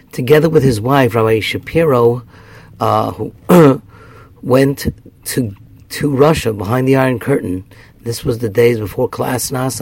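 A man's voice: medium pitch, darkish tone, no room sound. A man, a rabbi, delivering an earnest sermon that weaves in a story and builds to raised, emphatic passages.

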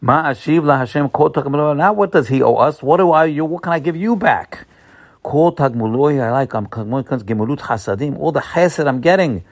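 A man with a slightly high voice and some vocal fry, sounding like a rabbi, delivers a holiday sermon. His speech is halting and full of fillers before it rises into excited, emphatic bursts.

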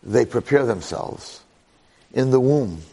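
Male Torah lecturer, storytelling, animated, repeats himself, gravelly husky voice. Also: medium pitch, slow pace. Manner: animated, repeats phrases, checks in with "right?".

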